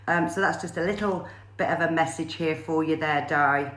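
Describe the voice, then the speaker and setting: A woman psychic medium, doing a live-streamed spirit reading in a halting way full of fillers and pauses. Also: low voice, steady tone, a bit bright, echoey room. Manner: hesitant, many fillers and pauses.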